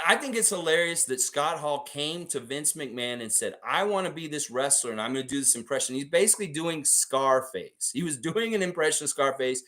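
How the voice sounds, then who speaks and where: Excitable, profane male sports fan host. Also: fairly high pitch. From Florida. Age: 40s. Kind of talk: casual sports fan commentary.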